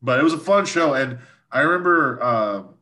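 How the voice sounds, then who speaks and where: A man's voice: mid-range voice, lively intonation, moderate pace, pushed and bright. A man chatting casually about live shows, laid-back and profane, with lots of fillers. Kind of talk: casual chat.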